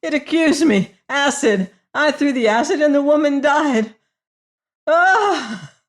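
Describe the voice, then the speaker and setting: A woman's voice: mid-range voice, slow pace, natural voice. A woman reading an audiobook, voicing a hysterical male prisoner who shrieks and gasps out repeated cries. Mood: terrified.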